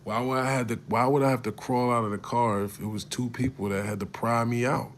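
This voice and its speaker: A man casually telling a personal story to camera, animated and profane, restarting his sentences often. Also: medium pitch, a little fast, slight background noise.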